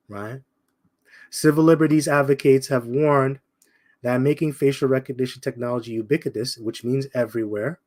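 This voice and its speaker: A man teaching from scripture in a loose, streetwise way, calling out his listeners directly. His voice sits at an ordinary middle pitch for a man. He circles back to the same points and slows right down on the ones he wants to stick. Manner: repeats points, slows down for emphasis. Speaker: bible teacher. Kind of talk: informal scripture commentary.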